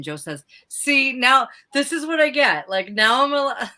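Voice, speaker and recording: A woman co-hosting a live stream in casual chat, chatty and animated, talking in quick bursts. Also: high voice. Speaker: livestream co-host.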